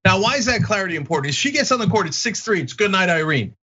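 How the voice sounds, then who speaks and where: A man's voice: sits high, very animated, quick pace, pushed and bright, breathy edge, muffled recording. A man hosting a political commentary show, talking in a combative, mocking way.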